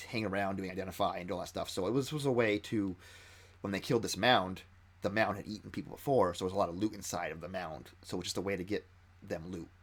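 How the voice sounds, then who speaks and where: A man talks through a tabletop encounter he ran as game master. His voice sits a little low, and he speaks quickly. He often stops and restarts his sentences as he gets excited about the story. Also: breathy edge.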